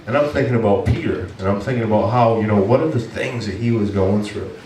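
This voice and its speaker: Male pastor storytelling, lively and self-mocking, sounds kinda far off in a roomy echoey church. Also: fairly low pitch, fast talker, slight background noise. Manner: animated, self-mocking, acts out his own complaints. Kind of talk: storytelling sermon. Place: church hall.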